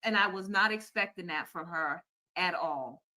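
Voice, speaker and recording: A woman telling a personal story on a live stream, animated and profane, acting out the quoted dialogue. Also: fairly low pitch, moderate pace. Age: adult. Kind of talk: casual storytime rant.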